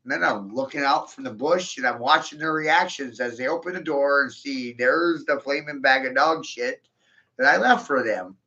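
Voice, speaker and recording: Gravelly, bright-voiced man taunting and laughing. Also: mid-range voice, moderate pace, muffled recording. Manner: boastful and taunting, laughing often, crude swearing. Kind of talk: rambling monologue to camera.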